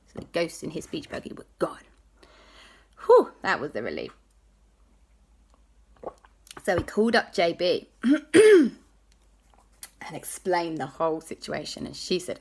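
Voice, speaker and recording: A woman's voice: on the low side, slightly rough. A woman telling an improvised children's story, voicing each character in turn. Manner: animated, playing every character in turn.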